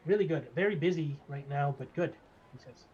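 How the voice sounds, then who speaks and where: A man's voice: fairly high pitch, a little fast, darkish tone, husky. A man voicing a fussy little male gnome barber who rambles eagerly and a bit creepily. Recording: slightly dull lo-fi mic, faint noise.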